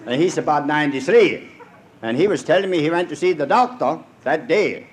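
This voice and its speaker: A man doing a stand-up comedy routine in a Pennsylvania Dutch accent. His voice sits a touch high, and he spins folksy, ungrammatical yarns about neighbors and relatives. A faint hiss lies under the recording. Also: expressive, fairly quick. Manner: folksy dialect storytelling, homespun grammar.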